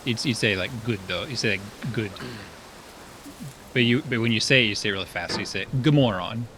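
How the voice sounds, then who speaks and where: Male streamer, casual rambling chatter full of fillers, low-ish voice. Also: brisk, pushed and bright, a little hiss or hum. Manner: rambling, chatty, laughs often, many fillers. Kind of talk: casual chat while streaming a game.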